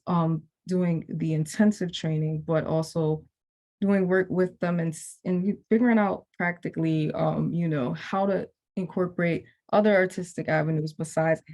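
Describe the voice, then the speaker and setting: A woman's voice: lowish voice, fairly even intonation, normal speed, a little mellow. A young woman, a program graduate, talking casually on a video call and rambling with many fillers and restarts.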